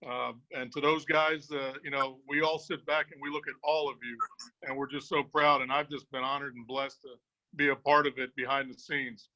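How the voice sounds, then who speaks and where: A man's voice: medium pitch, level tone, moderate pace, bright, forceful tone, dull audio. A man who worked behind the scenes for a football team, telling blunt, joking stories in a casual video chat. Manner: joking storyteller, blunt and profane. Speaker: former football staff member.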